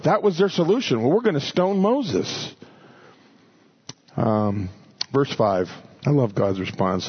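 A man's voice: fairly high pitch, breathy edge, muffled recording. A man preaching a sermon, teaching through a passage, restarting phrases and acting out the quoted speakers. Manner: animated, repeats words, voices quoted people.

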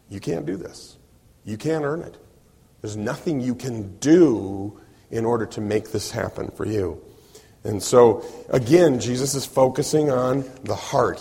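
Husky male pastor preaching in a hall. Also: mid-range voice. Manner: animated, acts out quoted voices. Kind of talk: sermon.

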